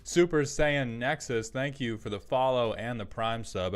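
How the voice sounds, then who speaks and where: A man hosting a live stream in casual chat, rambling and throwing in quick asides to his viewers. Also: mid-range voice. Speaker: streamer host.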